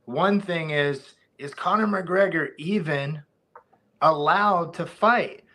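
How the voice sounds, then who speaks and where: A man's voice: fairly high pitch, slow pace, sharp tone. A man, a former fighter, talking casually as a podcast guest, rambling with many restarts.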